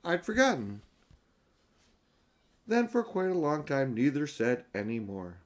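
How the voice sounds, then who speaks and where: An older man reads a children's book aloud in a gentle, grandfatherly way. His pitch moves lively through the sentences. His delivery stays expressive and unhurried. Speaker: audiobook narrator. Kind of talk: storybook narration.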